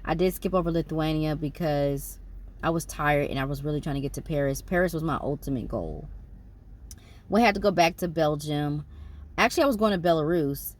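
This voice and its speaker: A woman's voice: low voice, expressive, fairly quick. A woman, rambling casually through a travel recap with fillers and self-corrections. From United States. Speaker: travel vlogger.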